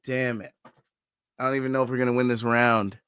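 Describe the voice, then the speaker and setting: A man hosting a live fight watch-along, giving fan commentary, who swears often and pleads and shouts at the fighters on screen. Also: mid-range voice, little pitch movement, brisk, clear, resonant tone, no room sound, clean studio sound.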